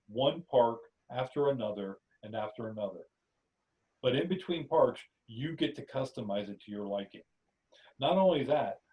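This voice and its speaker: A man hosting a podcast, reading a spiritual story aloud in a steady second-person telling. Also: mid-range voice, far from the mic, poor audio. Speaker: podcast host, story narrator. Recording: voice somewhat off-mic.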